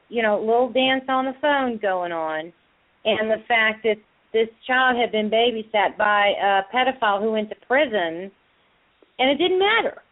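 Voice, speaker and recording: A woman host with a slightly high voice interrupts to press her point, emphatic and insistent. Her voice comes through thin and tinny, like a phone call. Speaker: podcast host. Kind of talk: talk show interview.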